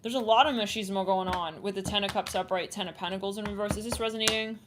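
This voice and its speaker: A woman's voice: medium pitch, fairly even intonation, fast talker. A woman giving a casual tarot reading to her viewers, chatting and thinking aloud as she trails off and restarts. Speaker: tarot reader. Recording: audible background noise and clicks.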